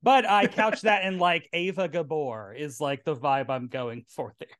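A man's voice: a little high, a little slow, fairly bright tone. A man from Tennessee with a Southern accent, hosting a casual podcast chat in his drag queen persona, playful and chatty. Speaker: podcast host.

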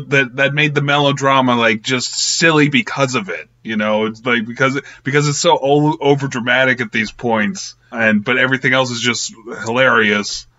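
A man's voice: mid-range voice, sharp tone. A young man casually reviewing an old film, rambling with lots of fillers and little laughs. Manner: rambling, filler-heavy, giggly. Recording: slightly muffled lo-fi audio.

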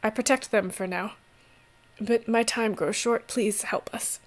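A woman's voice: on the high side, fairly even intonation, measured pace. A woman voicing a stooped, aged half-orc seer woman who speaks in a wheezy, tired voice. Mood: pleading.

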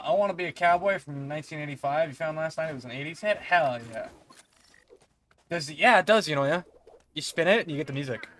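A man's voice: on the high side, sharp tone, slight background noise. A young man live-streaming a game, chatting casually, laughing often and swearing freely in a rambling, playful way. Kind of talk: casual live-stream chat while gaming.

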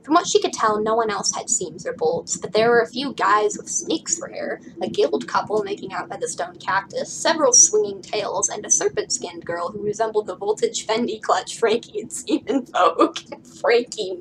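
A woman's voice: mid-range voice, unhurried, a little hiss or hum, poor audio. A teenage girl reading a novel aloud, breaking off for chatty, wry asides. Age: late teens. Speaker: book reader.

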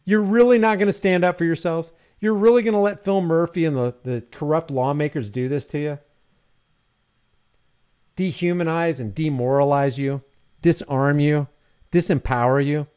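A man's voice: on the high side, normal speed, a little mellow, clear, resonant tone. A man from New Jersey reading news aloud and mocking it in a sarcastic, heated commentary. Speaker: political commentary host. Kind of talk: reading and ranting about news.

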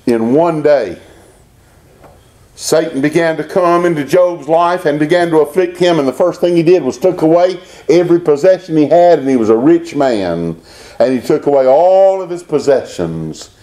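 Animated preacher man. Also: fairly high pitch, moderate pace. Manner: preaching with rising emphatic bursts and quoted scripture. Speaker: pastor. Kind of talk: animated Baptist sermon.

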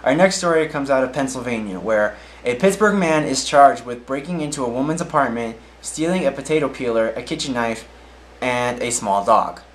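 A man's voice: mid-range voice, animated, normal speed, slight background noise, poor audio. Man reading odd news, stumbling. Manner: stumbles over names, reads aloud then comments. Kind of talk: casual news reading with asides.

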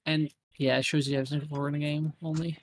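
A man with a slightly raised pitch chats loosely with friends over a gaming session. He curses freely and reacts with quick exclamations, with faint noise under his voice. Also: flat delivery. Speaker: gaming host. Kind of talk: casual multiplayer chat while gaming.

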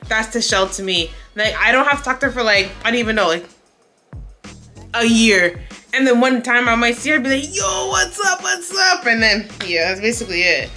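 Bubbly, bright-voiced young woman vlogger. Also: a little high, brisk, soft background music. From Canada. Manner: chatty and animated, laughs often. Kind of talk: casual Q&A vlog chat.

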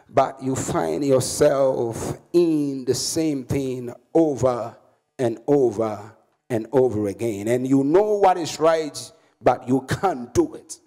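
A man's voice: mid-range voice, dark tone. A man with a Ghanaian English accent preaching a sermon as pastor and prophet, leading the congregation in call-and-response. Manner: slow, emphatic preaching with repetitions.

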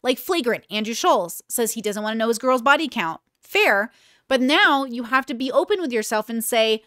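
A woman in her thirties talks through her podcast in a casual, frank, self-mocking way. Her voice sits a little high. The sound is dry and close, with no room in it. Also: expressive, normal speed, bright, forceful tone, no room sound. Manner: candid, chatty, self-deprecating. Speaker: podcast host.

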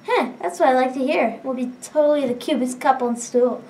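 A scheming mean girl, as a woman puts her on, sugary and bossy, pitched fairly high. The voice is picked up from a little way off the mic. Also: a little fast, a little mellow, far from the mic, lightly acted.

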